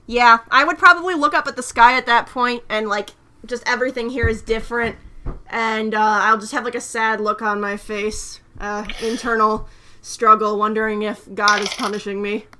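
Brief: woman player, casual and curious, higher pitch, bright tone. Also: fairly even intonation, normal speed, slight background noise. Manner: inquisitive, casual. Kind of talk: tabletop game play.

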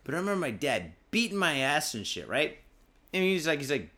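A man hosts a loose podcast, sipping booze between rambling, profanity-laced riffs. His voice sits at an ordinary middle pitch, and he drifts easily between chatty tangents and reading the news aloud. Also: sing-song, fairly quick, bright, forceful tone. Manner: profane, rambling, laid-back. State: drinking booze while talking. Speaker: podcast host. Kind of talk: casual drinking podcast chat and news reading.

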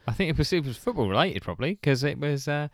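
A man's voice: on the high side, big pitch swings, fast talker, dry recording, clean studio sound. A man co-hosting a casual chat, hesitant with fillers and frequent laughter. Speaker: podcast co-host.

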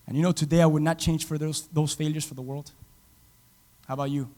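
A man preaching a sermon as pastor, dramatic, swinging from loud to hushed and acting out quotes. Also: fairly high pitch, fairly even intonation, fairly quick, big-room sound. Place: church.

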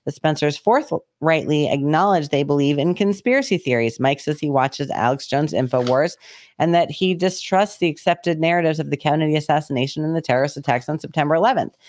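A man's voice: a little high, a little fast, a little mellow, no room sound. A man co-hosting a podcast, reading a news article aloud and breaking off for sarcastic, profane asides. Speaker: podcast co-host.

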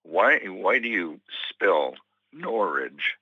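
An American man chatting in an interview, wry and self-deprecating, with a gravelly voice. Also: low voice, very animated, slow pace, no room sound, dull audio. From United States. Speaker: touring musician guest. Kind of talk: phone interview chat.

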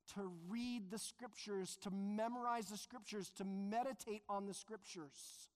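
Earnest preaching man in a reverberant hall. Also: high-pitched. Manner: earnest, emphatic preaching with slowed, stressed phrases. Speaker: pastor. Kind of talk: sermon. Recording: long reverb of a large hall.

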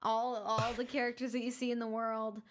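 A woman's voice: fairly high pitch, little pitch movement, moderate pace, slight background noise. A woman co-hosting a casual podcast chat, playful and jokey and laughing often. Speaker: podcast co-host.

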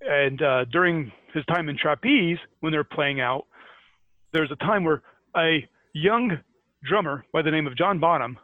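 A Scottish man chatting as a podcast co-host, sharing band anecdotes with plenty of "uh"s and laughs. His voice sits a little high. It comes through a thin, phone-like line. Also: a little slow, no echo. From Scotland. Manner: chatty storyteller with many "uh" fillers and laughs. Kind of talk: casual chat.

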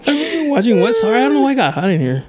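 A man's voice: very high voice, wildly swooping pitch, rapid-fire, over a noisy crowd. A man co-hosting a podcast in casual chat, joking and laughing often, dropping in Spanish words. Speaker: podcast co-host.

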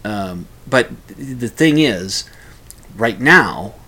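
A man hosting a podcast, delivering a casual solo monologue in a rambling, animated way with frequent restarts. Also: fairly low pitch, extremely slow, husky.

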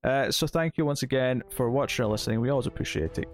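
A man's voice: mid-range voice, fast talker, faint music behind. A man co-hosting a podcast, chatting casually and reading out thanks, with many fillers and restarts. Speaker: podcast co-host. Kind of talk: casual podcast chat and outro.

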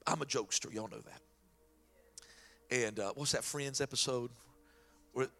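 A man's voice: mid-range voice, moderate pace, vocal fry, pauses often, faint music behind. A man preaching a sermon in a folksy way and then praying aloud. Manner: folksy preaching, shifts into loud prayer. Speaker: pastor.

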